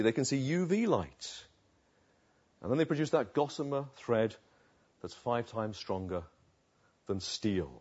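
Husky male preacher with dramatic swings. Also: on the high side. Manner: dramatic swings between hushed and emphatic. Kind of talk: sermon. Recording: dull lo-fi recording.

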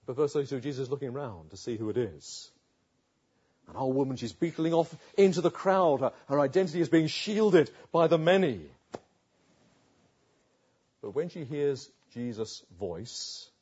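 A man preaching a sermon, retelling a story with rhetorical questions and dramatic pauses. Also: mid-range voice, lively intonation, a little mellow, breathy edge, dull audio.

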